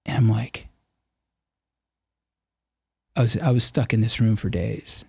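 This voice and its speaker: A man's voice: lowish voice, measured pace, vocal fry, breathy edge, no echo. Earnest middle-aged man telling his story. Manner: earnest, animated, acts out quoted voices. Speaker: podcast guest. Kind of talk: candid personal storytelling.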